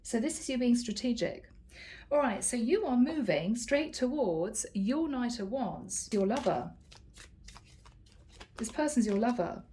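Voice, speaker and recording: A woman reads tarot cards to camera in a casual, chatty way. She is teasing and a little sarcastic. Her voice sits somewhat high. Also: lively intonation, takes it slowly, pauses often, dark tone. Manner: playful, teasing, a bit sarcastic. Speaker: tarot reader.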